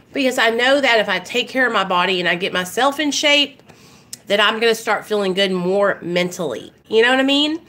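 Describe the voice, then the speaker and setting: A woman's voice: mid-range voice, pushed and bright. A young woman from Arkansas, speaking candidly and emotionally to viewers on a casual live stream about her recovery. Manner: emotional, candid, talks to viewers directly with frequent fillers and swearing.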